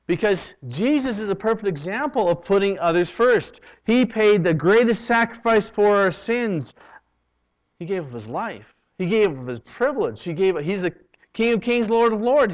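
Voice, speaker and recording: A Canadian male pastor delivers a sermon, swinging between loud, emphatic lines and hushed ones, captured on a dull lo-fi recording. His high voice is expressive and moves at a moderate pace.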